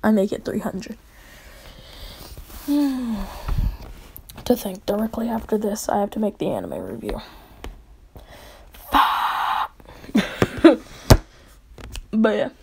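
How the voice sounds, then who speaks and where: A woman's voice: medium pitch, huge pitch swings, normal speed, creaky, background noise. A young woman casually narrating a fan story as channel host, giggly and rambling.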